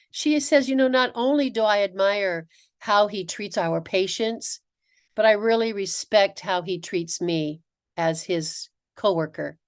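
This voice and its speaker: A middle-aged woman giving a webinar presentation to dentists. She tells stories in an animated way, acting out quotes and often restarting her sentences. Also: mid-range voice. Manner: animated storytelling with acted-out quotes, frequent restarts. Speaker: dental practice consultant.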